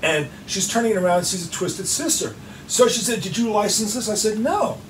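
Fast-talking profane New man, echoey room. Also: sits high. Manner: profane, fast-talking, acts out both sides of phone calls. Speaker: guest musician. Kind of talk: animated storytelling in an interview. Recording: roomy echo, distant mic, clear background noise.

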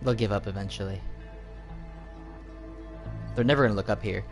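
A gaming host giving excitable let's play commentary, with shrieks and panicked outbursts. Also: low voice, normal speed, music in the background.

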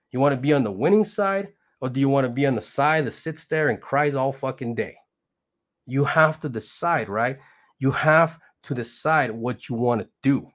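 Middle-aged man, blue-collar crypto vlogger, profane and pushy, casual rant. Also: mid-range voice. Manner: profane, brash, hype-driven, laughs mid-sentence. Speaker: crypto channel host. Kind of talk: casual motivational rant to camera.

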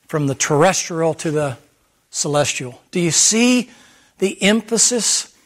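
A middle-aged man preaches from the pulpit in a notably high voice. He builds to loud, soaring emphasis, then drops low and quiet to drive a point home. It is an impassioned, rhythmic sermon delivery. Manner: impassioned preaching, rising and falling in pitch and volume. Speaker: pastor.

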